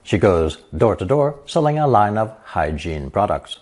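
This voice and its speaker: A man narrating a scripted language lesson, explaining characters slowly and reading example sentences. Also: on the low side, big pitch swings, a little mellow. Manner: slow, measured explanations with example sentences read aloud. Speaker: language teacher.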